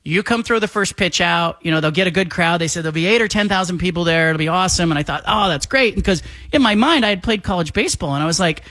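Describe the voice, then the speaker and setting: Guy with a pretty high voice telling a story, really animated, acts out everybody, dry close sound. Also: fast, hardly any pauses, no room sound. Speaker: guest. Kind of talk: casual storytelling.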